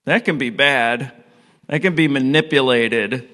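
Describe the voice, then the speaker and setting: A man's voice: mid-range voice, unhurried, pushed and bright. A middle-aged man preaching a conversational sermon, telling a story and asking his listeners questions. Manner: casual, storytelling, asks the audience questions. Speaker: pastor. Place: church hall with an audience. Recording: long hall reverb.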